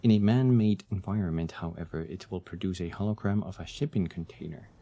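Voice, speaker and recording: A man streaming a video game, chatting excitedly and reading the game text aloud. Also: low voice, a little fast. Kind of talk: casual gameplay commentary.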